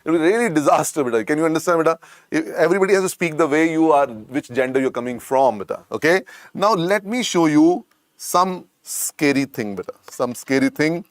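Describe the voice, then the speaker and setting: A man with an Indian accent and a croaky voice teaches an online medical lecture, repeating points and coaxing students. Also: a little high, fairly quick, no echo, studio quality. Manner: repetitive, coaxing, calls students "beta".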